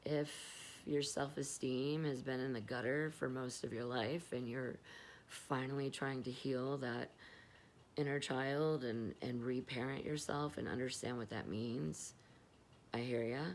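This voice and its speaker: A woman's voice: extremely low pitch, fairly even intonation, a little slow, slight background noise. A middle-aged woman talking candidly and rambling in a confessional vlog, swearing freely while stoned. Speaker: vlogger.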